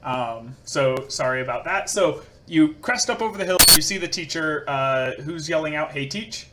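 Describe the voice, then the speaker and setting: A man's voice: a little high, animated, normal speed, very noisy. A man narrating as game master in a voice role-play, hesitant and self-deprecating. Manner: hesitant, full of ums and self-deprecating asides.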